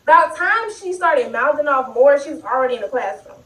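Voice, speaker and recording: A young adult woman telling a story in a casual, animated, profane way, speaking straight to her viewers. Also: sits high, a little fast. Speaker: vlogger. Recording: roomy sound, distant mic.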